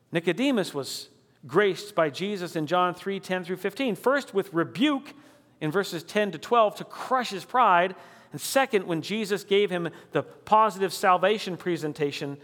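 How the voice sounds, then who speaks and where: A man preaching a sermon, emphatic on key declarations and dropping low and slow when he reads scripture. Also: a bit bright, big-room sound. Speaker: pastor.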